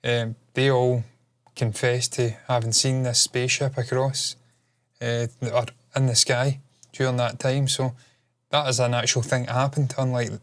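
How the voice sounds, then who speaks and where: A Scottish man co-hosting a casual film chat, talking bluntly and swearing freely as he jokes his way through the rankings. His voice sits at an ordinary middle pitch for a man. It comes through a remote call mic. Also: little pitch movement, unhurried. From Scotland. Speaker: co-host.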